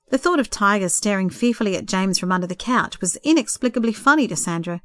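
A woman reads a story aloud in a gentle, expressive way, her voice at a middle pitch. The sound is close and dry, with no room around it. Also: quick pace, few pauses, no room sound. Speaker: narrator. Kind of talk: storybook narration.

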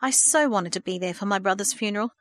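A woman voicing a warm, effusive aunt who talks enthusiastically in a storybook reading. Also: medium pitch, fast, dry recording, studio quality, close to an everyday voice. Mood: gushing. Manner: gushing, enthusiastic.

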